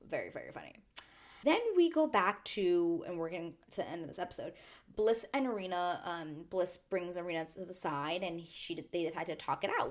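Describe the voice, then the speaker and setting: A young woman chats through a reality show recap in a lively, animated way, peppering her talk with "like." Her voice sits a little low for a woman, but it swings widely in pitch as she gets excited. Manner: chatty, animated, lots of "like".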